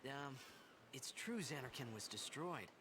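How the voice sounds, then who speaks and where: An actor playing a confused young male athlete far from home, speaking in halting dialogue and reflective inner narration. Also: medium pitch, lively intonation, noisy background, close to an everyday voice. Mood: unsure. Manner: hesitant, uncertain, halting. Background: game music.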